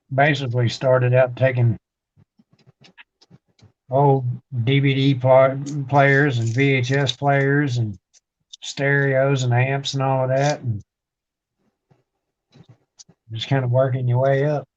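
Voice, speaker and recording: A man's voice: medium pitch, level tone, slow pace, pauses often. Laid-back man on muffled stream audio. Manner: laid-back, rambling anecdotes. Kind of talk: casual livestream chat.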